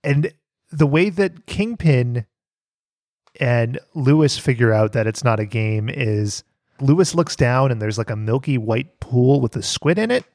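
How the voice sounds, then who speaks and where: A man's voice: mid-range voice, lively intonation, measured pace, a little mellow, dry recording, studio quality. A man co-hosting a podcast, recapping a cartoon in casual chat, joking, swearing and laughing often.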